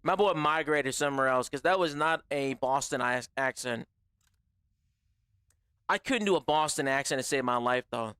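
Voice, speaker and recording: Young male streamer, loose and profane banter, bright tone, dry close mic. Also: medium pitch, normal speed, clean tone, no echo. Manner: animated, profane, slangy banter with chat. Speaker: gaming livestreamer. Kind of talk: casual stream chat with viewers.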